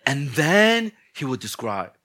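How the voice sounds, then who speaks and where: A male pastor giving a humorous sermon, telling stories in an animated, blunt, joking way, often laughing and mimicking people. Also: mid-range voice, takes it slowly.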